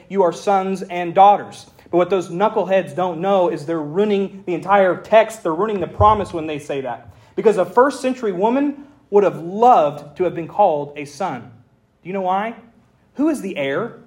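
Guy preaching, fairly high voice, lively and folksy, reading bible verses out loud. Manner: animated preaching, reads scripture aloud, folksy asides. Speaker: pastor. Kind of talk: sermon.

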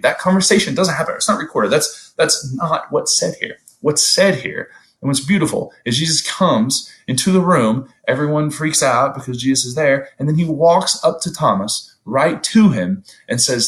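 A man preaching a sermon in an earnest, conversational way, often rising in pitch to stress a point. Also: measured pace, a bit bright, poor audio.

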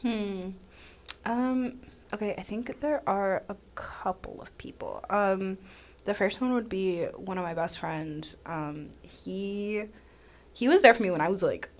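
A woman speaking as a guest in a casual conversation, animated and self-deprecating, often acting out what others said. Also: medium pitch, measured pace. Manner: animated, self-deprecating, acts out quoted voices.

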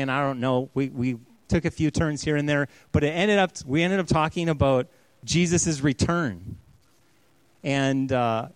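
A man in his thirties, a pastor giving an earnest storytelling sermon that often drops to a hush. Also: on the high side, clean tone, no room sound.

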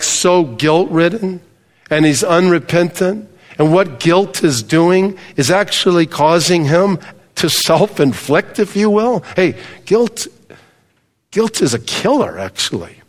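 Middle-aged male pastor, chatty sermon to the congregation, slightly high voice, long hall reverb. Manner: conversational preaching, addresses congregation directly.

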